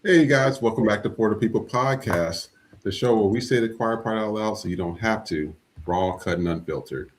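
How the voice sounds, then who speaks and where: A man hosting a podcast, talking in a blunt, profane, animated rant about politics and culture. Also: on the low side, moderate pace, a little hiss or hum. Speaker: podcast host. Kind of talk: casual political chat.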